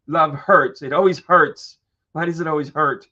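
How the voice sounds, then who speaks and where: A man's voice: on the high side, fairly even intonation, normal speed, sharp tone, lo-fi sound. A man mocking a whiny wounded star sign. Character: self-pitying wounded adult zodiac sign.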